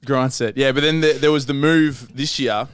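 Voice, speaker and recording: A man's voice: mid-range voice, fairly even intonation, normal speed, clean tone, no echo. A young Australian man hosting a casual podcast, telling loose, sweary stories. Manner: loose, sweary storytelling with laughs. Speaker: gym owner and podcast host.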